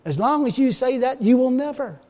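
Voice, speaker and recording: A man with a notably high voice delivers a folksy, emphatic sermon. He swings from loud exhortation to quiet, wry asides, chuckling along the way. The sound carries a long reverb from a large hall. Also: animated, fairly quick. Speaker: preacher.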